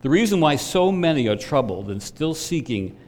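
A man's voice: a little high, sing-song, normal speed, a little mellow. A middle-aged man preaching a sermon as pastor, earnest, rising in emphasis when he puts questions to the congregation. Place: church sanctuary. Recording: long reverb from a church hall.

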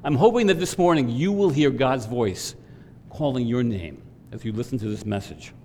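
A middle-aged male pastor delivers a sermon with earnest conviction, lifting his voice on questions to the congregation. His voice sits at an ordinary pitch. The sound carries the long reverb of a church sanctuary, with a faint low rumble beneath. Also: animated, moderate pace, darkish tone.

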